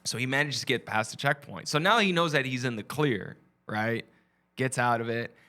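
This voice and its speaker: A man, a comedian guest from Texas, telling a family story in casual, animated chat. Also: mid-range voice, normal speed. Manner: animated, acts out quoted voices.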